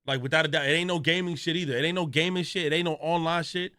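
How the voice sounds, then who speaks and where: A man streaming live, reacting to a video in a loud, joking way with a lot of slang and talking straight to his chat. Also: a little high, fairly even intonation, fast talker, dry recording, studio quality.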